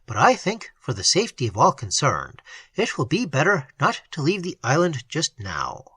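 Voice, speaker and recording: A narrator voicing a calm, authoritative male doctor who speaks quietly and with measured decision, in a classic storybook reading. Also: medium pitch, breathy edge, no echo, heavily acted.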